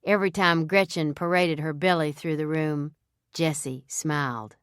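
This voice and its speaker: Low, smooth woman narrating a novel. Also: dry recording, clean studio sound. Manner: measured, even storytelling. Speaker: audiobook narrator. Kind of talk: first-person scripted narration.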